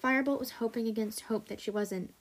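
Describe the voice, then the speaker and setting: A woman hosting a story podcast, reading a story aloud in a steady, even way. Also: on the high side, a little fast.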